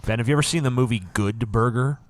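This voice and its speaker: A man's voice: mid-range voice, fast. A man from Louisiana co-hosting a podcast, joking sarcastically and swearing in casual banter. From Louisiana, USA. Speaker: podcast co-host. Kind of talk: casual comedic chat.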